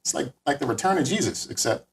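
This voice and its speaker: A man co-hosting a podcast, riffing in a laid-back, deadpan way. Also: mid-range voice, fast talker. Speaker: podcast co-host. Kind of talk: casual comedic podcast banter.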